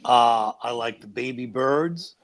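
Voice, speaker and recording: A man's voice: medium pitch, takes it slowly. A man giving emphatic, opinionated picks on a casual sports podcast. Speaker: roundtable panelist.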